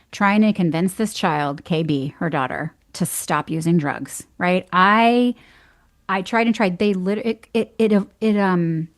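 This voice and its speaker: A woman guest on a podcast, chatting casually, animated and laughing as she tells stories and acts out other people's words. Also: fairly low pitch. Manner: animated storyteller, acts out quoted voices, laughs often. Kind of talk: casual conversation.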